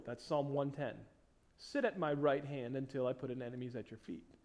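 A man preaching a sermon as pastor, reading scripture aloud with slowed, stressed phrases and swinging between loud emphasis and quiet asides. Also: fairly high pitch, animated.

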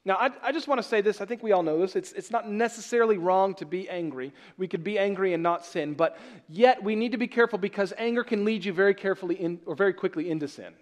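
A man preaching a sermon as pastor, emphatic, asking rhetorical questions and swinging from loud to soft. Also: high voice, fast, hardly any pauses.

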